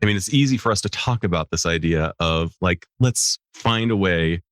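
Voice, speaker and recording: A male psychologist hosting a podcast interview, speaking in a slow, reflective and appreciative way. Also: low voice, no echo, studio quality.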